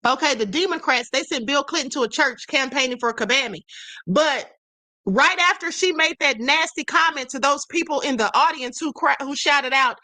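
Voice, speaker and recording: A woman hosts a livestream in an animated commentary style, laughing often as she reads out viewer comments. Her voice sits high and sounds bright and sharp. It is recorded close and dry, with no room echo. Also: normal speed. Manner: repeats "please pay attention". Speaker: host.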